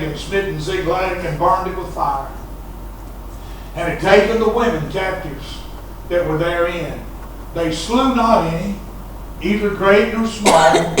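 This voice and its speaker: A man preaching a sermon as pastor, shouting and punctuating his lines with "huh?" and "uh.". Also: high voice, far from the mic, a little hiss or hum. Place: church sanctuary. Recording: echoey church sanctuary recorded from afar.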